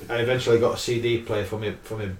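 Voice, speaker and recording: A man's voice: mid-range voice, flat delivery, rapid-fire, darkish tone, a little hiss or hum. A middle-aged man, chatting casually, often repeating and restarting words. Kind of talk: casual chat about gigs. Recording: roomy, far from mic.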